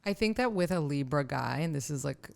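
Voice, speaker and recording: A chatty woman in her thirties from New York City, talking as a guest in a relaxed conversation. Her voice has a gravelly, fry-tinged edge, and she laughs easily. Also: deep voice, fairly quick. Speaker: podcast guest. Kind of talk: casual chat.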